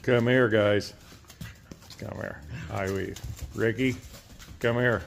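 A man's voice: on the low side, fairly even intonation, slow, creaky, pauses often. A man filming outdoors on his phone and talking to his pets in a playful, coaxing, laughing way. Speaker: wildlife video maker. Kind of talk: casual talk to animals while filming.

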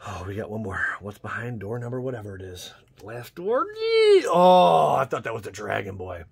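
A young man hosting his channel, chatting casually as he opens card packs and bursting into loud cheers over good pulls. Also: fairly low pitch, animated, normal speed, gravelly, husky. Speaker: YouTube channel host. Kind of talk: casual card-pack opening commentary.

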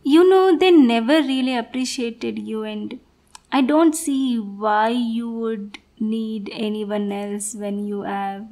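Woman playing a creepy possessive yandere girl, whispered role-play, soft and sweet, slow, slightly high. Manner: soft, sweet, quietly controlling. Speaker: ASMR role-play performer.

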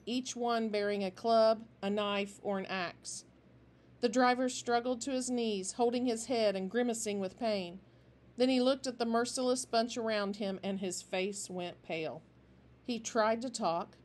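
A woman reading a children's novel aloud in a steady, expressive way. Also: fairly high pitch. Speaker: storybook reader.

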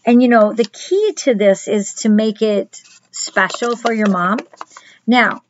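A middle-aged woman, a children's pastor, giving a chatty crafts lesson and speaking straight to the children in a gentle way. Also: fairly high pitch, a little slow, highs cut off, a little hiss or hum.

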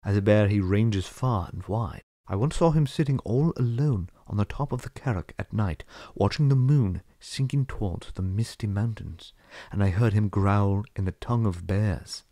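A man reading as a stern old wizard, low and dark. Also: no room sound, clean studio sound. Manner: measured, cross, lecturing.

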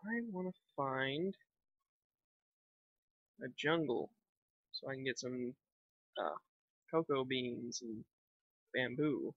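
A man's voice: mid-range voice, animated, slow, pauses often, dry recording. A young man chatting casually while playing a game, rambling and thinking aloud with lots of fillers. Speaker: gaming vlogger. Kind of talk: casual gameplay commentary. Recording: dull lo-fi home mic.

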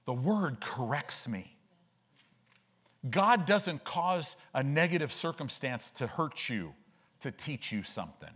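An older male pastor preaching a sermon, animated, with frequent rhetorical questions. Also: mid-range voice, takes it slowly, slightly rough.

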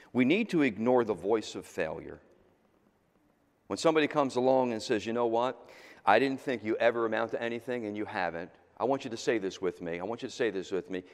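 A middle-aged male pastor preaching a sermon, swinging between loud exhortation and quiet, intimate asides. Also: mid-range voice. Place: church sanctuary. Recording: long hall reverb in a church sanctuary.

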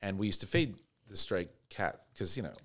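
Australian man, very deep voice, laid-back storytelling, casual swearing. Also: lively intonation, normal speed, fairly bright tone. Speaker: podcast guest.

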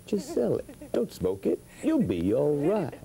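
A man's voice: fairly high pitch, huge pitch swings, measured pace, warm tone, full character voice. A man voicing a brash, swaggering drug dealer with cocky sales patter.

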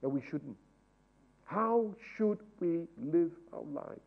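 A man teaching a Bible study in a sermon style, asking rhetorical questions and moving from hushed asides to loud, fervent exhortation. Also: on the high side, sing-song, takes it slowly, gravelly, phone-quality sound. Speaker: pastor leading Bible study.

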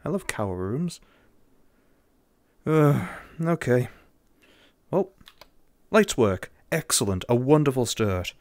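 A young English man commenting jokingly and sarcastically while playing a horror game, getting excited easily. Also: medium pitch, no room sound. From England. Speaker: gamer.

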